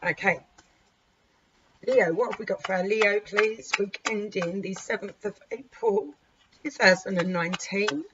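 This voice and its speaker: A woman with a sore, hoarse throat gives a casual tarot reading, chatty and swearing lightly as she talks to her cards. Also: mid-range voice, unhurried. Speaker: tarot reader. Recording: muffled recording with clear background noise.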